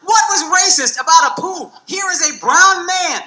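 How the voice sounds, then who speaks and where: An American man with a very high-pitched voice and lively intonation performs a stand-up set at normal speed. He's brash and profane, firing mocking punchlines at a laughing club audience, captured in loud, noisy stand-up special audio.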